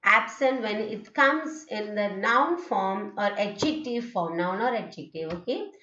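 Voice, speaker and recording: A woman's voice: mid-range voice, expressive, a little slow, bright, forceful tone. A woman with an Indian English accent gives a recorded lecture as a university tutor, talking things through with frequent fillers and repeated "okay"s. The sound is dull and lo-fi, with a roomy echo around her voice. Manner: explanatory, repetitive, many "okay"s and fillers. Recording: echoey, dull lo-fi room recording.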